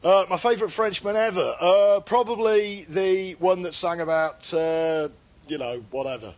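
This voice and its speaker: Man, high-pitched, deadpan, comic chat co-host, mock French bits. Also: moderate pace. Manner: deadpan, puts on silly French accents. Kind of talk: comedic banter.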